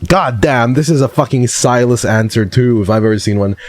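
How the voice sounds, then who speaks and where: A man's voice: mid-range voice, fairly quick, hardly any pauses, a little mellow. A man streaming live, reacting in casual, exasperated commentary full of swearing.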